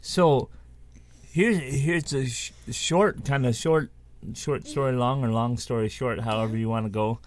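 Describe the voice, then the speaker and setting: A man's voice: medium pitch, fairly even intonation, measured pace, no echo. A man co-hosting a show, telling a spooky story in a casual, rambling way with many restarts and asides. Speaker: co-host.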